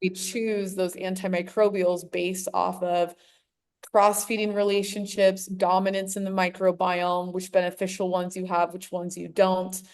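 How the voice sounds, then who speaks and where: A woman's voice: lowish voice, little pitch movement, a little slow, smooth. An American woman, a clinician, explaining her approach in an interview over a video call, with eager, detailed asides. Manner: enthusiastic, explanatory, nerdy asides. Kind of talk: conversational expert explanation.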